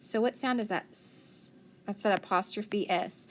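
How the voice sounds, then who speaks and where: A woman teaching a phonics lesson to young children, patient and encouraging, sounding words out slowly. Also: mid-range voice.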